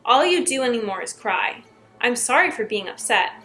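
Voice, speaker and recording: A woman's voice: on the high side, sing-song, normal speed, sharp tone, faint music behind. A woman reading out the lines of a controlling husband in a harsh, threatening tone. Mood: scolding. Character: controlling, bullying young husband.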